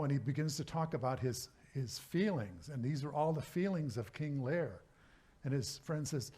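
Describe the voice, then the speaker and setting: A man, a minister, giving a sermon talk in a relaxed, conversational way, pausing often and restarting his sentences. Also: medium pitch. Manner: conversational, halting, with many restarts. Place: church service.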